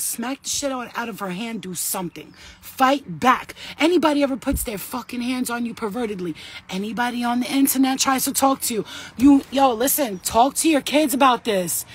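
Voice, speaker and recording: Blunt, profane woman with a husky voice. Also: on the high side, a little fast. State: sweaty and shaken. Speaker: vlogger. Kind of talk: impassioned talk to camera.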